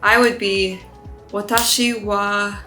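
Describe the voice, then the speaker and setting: A woman's voice: medium pitch, fairly even intonation, takes it slowly, bright, forceful tone. Chatty young woman, roomy sound. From United States. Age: 20s. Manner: chatty, curious, laughs at herself. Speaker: vlogger. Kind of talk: casual language-learning vlog. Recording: roomy sound with faint background music.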